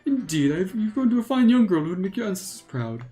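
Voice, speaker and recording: A fawning male ghost butler speaks in a lowered, soft, flowery voice, as a woman plays him. He flatters with courtly politeness. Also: fast, lightly acted. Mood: flattering.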